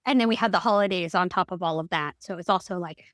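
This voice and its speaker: A woman speaking as a podcast guest, telling her story in a candid, expressive way. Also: lowish voice, quick pace, no echo. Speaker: guest, breathwork guide. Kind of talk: podcast interview.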